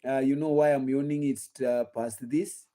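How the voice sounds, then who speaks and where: A man's voice: medium pitch, fairly even intonation, normal speed, mellow. Kenyan man hosting gossip commentary. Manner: rhetorical questions to the audience, repetitive. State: sleepy, yawning. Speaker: gossip channel host. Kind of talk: casual live-stream commentary.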